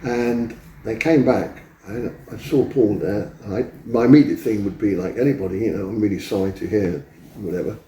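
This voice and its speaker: A man's voice: fairly low pitch, normal speed, hardly any pauses, mellow. Older man in a roomy, distant recording. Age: 70s. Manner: rambling, acts out quoted dialogue. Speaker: interview guest. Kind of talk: anecdotal storytelling. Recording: roomy echo, distant mic.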